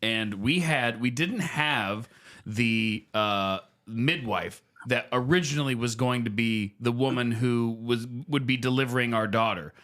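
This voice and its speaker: A man's voice: mid-range voice, a little slow, fairly bright tone. A man, a father and podcast co-host, telling a story casually, laughing often and repeating himself. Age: adult father.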